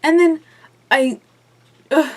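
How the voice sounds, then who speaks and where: A woman's voice: high voice, slow. A young woman recapping a reality show episode as a fan, gushing, rambling and swearing a lot. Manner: rambling with many fillers and asides. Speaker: vlogger reviewing a reality show. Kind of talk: casual fan recap vlog.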